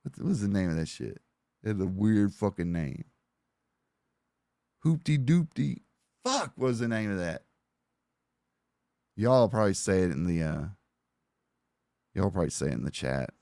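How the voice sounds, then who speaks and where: Low-voiced Southern man chatting on stream. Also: very animated, moderate pace, gravelly, long pauses, darkish tone, no echo, clean studio sound. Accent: Alabama Southern. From Alabama. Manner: rambling, profane and offhand. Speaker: live streamer. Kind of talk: casual live-stream chat.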